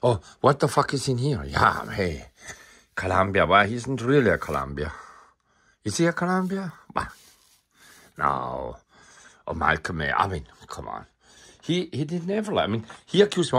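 A man's voice: mid-range voice, huge pitch swings, moderate pace, long pauses, a bit bright, slightly rough. A man, an artist musing aloud in a rambling, profane, self-interrupting monologue.

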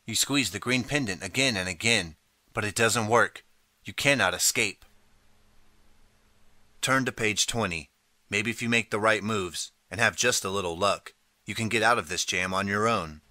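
A man reading a choose-your-path storybook aloud in the second person, steady and clear. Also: fairly low pitch, moderate pace, no echo. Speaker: audiobook narrator.

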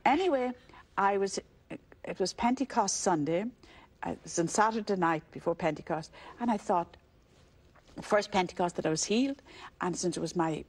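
A woman's voice: on the low side, expressive, moderate pace, husky. An older woman from Ireland with an Irish accent, a religious sister telling the story of her calling in a conversational interview, acting out the voices in it and laughing easily.

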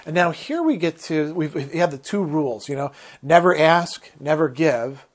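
A man's voice: a little high, expressive, moderate pace, few pauses. A man giving a literature lecture, thinking aloud with hesitant restarts and reading passages aloud.

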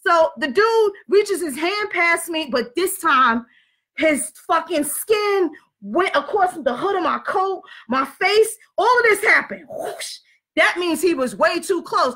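A woman telling a story and ranting in a blunt, profane, animated way. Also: very high-pitched. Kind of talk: casual rant and storytelling.

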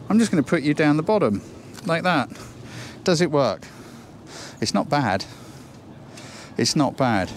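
A man's voice: on the high side, darkish tone, slight background noise. A man teaching photography on a shoot, chatty and encouraging, thinking aloud as he works. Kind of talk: on-location photo lesson. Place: outdoors then inside a building on a shoot.

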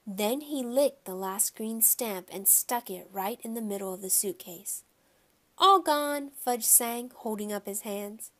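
A woman narrating a children's audiobook in the first person, telling the story in a steady, clear way. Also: mid-range voice, unhurried, few pauses.

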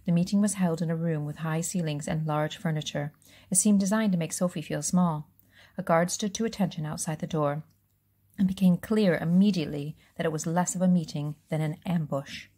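A woman reading a children's novel aloud, relaxed, with casual asides and self-corrections. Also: low voice, brisk. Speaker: reader.

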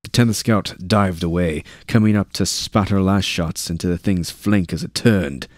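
A man reading a war novel aloud as narrator, with steady narration and shouted dialogue lines. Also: sits low, moderate pace, no echo, clean studio sound. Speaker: audiobook narrator.

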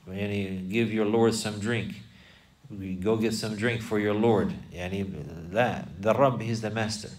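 A man's voice: lowish voice, darkish tone, recorded from a distance. A man teaching a religious class, explaining word by word and repeating key phrases.

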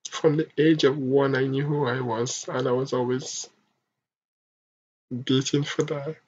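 Soft, husky, halting young adult vlogger. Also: mid-range voice, level tone. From Africa. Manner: halting, emotional, soft-spoken. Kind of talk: personal confessional monologue. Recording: dull lo-fi home recording.

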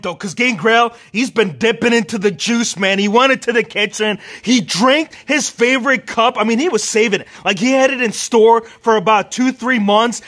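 A man's voice: extremely high pitch, a bit bright. A man giving playful, joking voice-over commentary as a collector vlogger.

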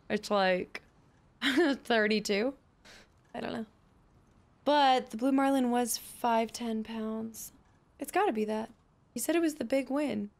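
A woman commenting on her own gameplay, muttering number combinations to herself, chatting with viewers and laughing often. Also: a little high. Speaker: gaming streamer. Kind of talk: let's play commentary.

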